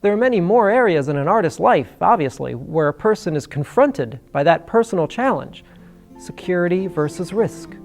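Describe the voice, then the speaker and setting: A man narrating a documentary and interviewing, measured and reflective, posing rhetorical questions. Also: high voice, animated, vocal fry, faint music behind.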